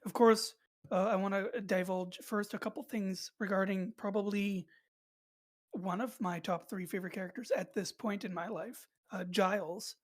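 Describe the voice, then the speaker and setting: A woman's voice: mid-range voice, fairly even intonation, normal speed. Chatty podcast host woman, rambling. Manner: rambling, many fillers and restarts. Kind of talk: casual chat.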